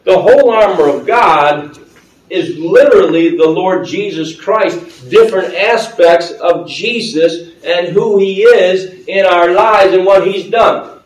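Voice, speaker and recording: A man with a high voice preaches slowly, his sermon as pastor taking a conversational tone as he asks the congregation questions and laughs frequently. The setting is a church sanctuary with people gathered, captured by a distant mic with a spacious church sound.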